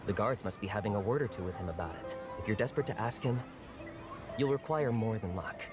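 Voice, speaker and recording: An actor voicing a meddling, smooth-talking young male knight in a game, with a persuasive delivery. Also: fairly low pitch, fast, over music, lightly acted.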